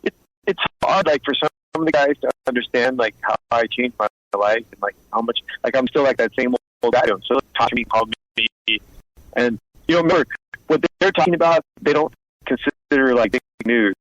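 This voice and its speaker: In a laid-back interview, a man in his fifties, a former mobster who became an informant and author, tells blunt, streetwise stories and voices both sides of the conversations he quotes. His pitch is ordinary. The recording is brisk, dry, and close, with a dull, lo-fi sound.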